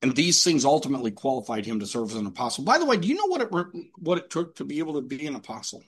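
A man's voice: medium pitch, very animated, racing, slightly rough. A man preaching a sermon emphatically, with rhetorical questions and repetition.

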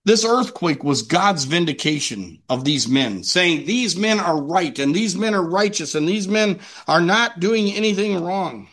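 Guy preaching to his church, pretty high voice, earnest, asks stuff then answers it himself. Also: lively intonation, fairly bright tone. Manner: reads scripture aloud, slowing down. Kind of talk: sermon. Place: church meeting room with a congregation.

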